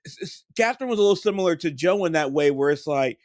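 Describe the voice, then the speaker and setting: A man co-hosting a podcast, speaking in a fairly high voice with a dry, close sound. He talks animatedly and enthusiastically, often restarting his sentences mid-thought. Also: animated, fast talker, a little mellow, no echo. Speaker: podcast co-host. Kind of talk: casual chat.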